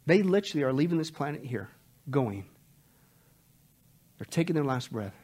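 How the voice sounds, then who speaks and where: A man preaching an expository sermon to a church congregation, swinging between loud emphatic outbursts and low hushed warnings. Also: expressive, normal speed, pauses often, slightly rough. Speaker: pastor. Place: church service.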